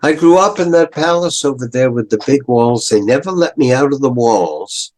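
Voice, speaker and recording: An older man voicing a sorrowful young prince statue who pleads gently, retold as a story in a lecture. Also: mid-range voice, lively intonation, natural voice. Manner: pleading, repeats his refrain slowly.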